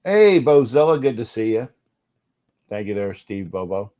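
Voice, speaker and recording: A man's voice: on the low side, expressive, normal speed, warm tone. A man hosting a casual livestream from home, grumbling and irritated, often repeating and restarting his phrases. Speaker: livestream host.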